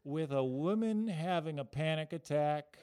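A man's voice: fairly high pitch, lively intonation, unhurried, darkish tone, a little hiss or hum. A young man hosting a casual sports betting podcast, joking and self-deprecating as he riffs with his co-host.

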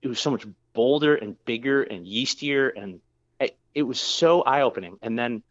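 A man's voice: mid-range voice, lively intonation, moderate pace, dull audio. A man who works as a brewer, telling a long story in a casual interview, rambling with lots of fillers and restarts.

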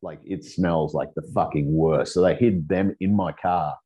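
A deep, low-voiced Australian man spins rambling, profanity-laced anecdotes as a podcast guest. His tone is dark and mellow, and his delivery is loose and animated. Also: normal speed, slightly rough, highs cut off. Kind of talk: casual storytelling.

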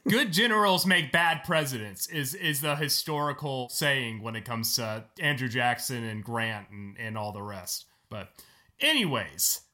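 A man's voice: medium pitch, lively intonation, unhurried, bright, forceful tone. A man co-hosting a podcast in casual chat, jokey and going off on comic bits. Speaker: podcast co-host.

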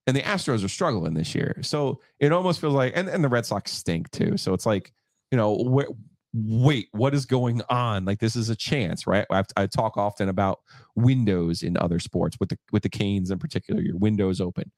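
A man's voice: lowish voice, animated, moderate pace, a little mellow, no room sound, studio quality. A man hosting a sports podcast, talking conversationally and often repeating words.

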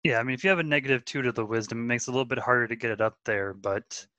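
A man's voice: mid-range voice, rapid-fire, bright, forceful tone, no echo, dull audio. A man co-hosting a tabletop gaming podcast in casual chat, often stumbling and repeating words as he restarts. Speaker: podcast co-host and tabletop player.

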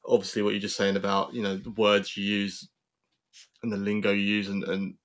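A man's voice: lowish voice, completely flat delivery, fairly quick, fairly bright tone. A man hosting a casual interview, asking reflective questions in a conversational way. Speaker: interview host.

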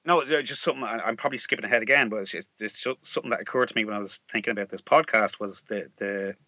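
A man with an Irish accent, a comedian guest in casual chat, animated and acting out quoted lines. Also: on the low side, racing, no echo.

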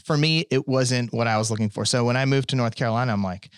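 A man's voice: medium pitch, fast, clear, resonant tone, no echo, clean studio sound. A young man talking casually as a podcast guest, rambling with restarts and frequent laughs. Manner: rambling, self-interrupting, laughs often. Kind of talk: casual chat.

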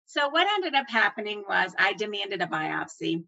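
Bright-voiced woman telling a story. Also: mid-range voice, normal speed, vocal fry, highs cut off. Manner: animated, acts out the voices of doctors and herself. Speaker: former nurse manager telling her story. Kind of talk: personal storytelling.

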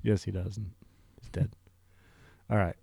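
A man co-hosting a movie podcast, rambling casually, laughing and swearing, often trailing off quietly. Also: low-pitched, fairly even intonation, a little slow, creaky, husky, no room sound, clean studio sound. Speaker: podcast co-host. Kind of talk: casual chat.

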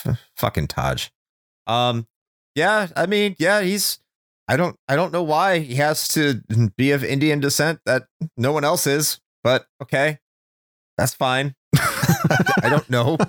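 A man's voice: a little high, a little slow, fairly bright tone, dry recording, clean studio sound. A man co-hosting a casual podcast chat, ranting sarcastically and swearing often. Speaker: podcast co-host.

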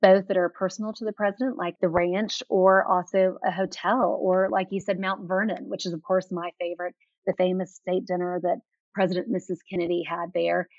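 A woman's voice: on the low side, level tone, a little fast, a little mellow, dry recording. A woman guest in an interview telling enthusiastic stories with frequent fillers. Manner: enthusiastic, anecdotal, many fillers. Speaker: author guest. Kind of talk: interview storytelling. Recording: dull lo-fi sound.

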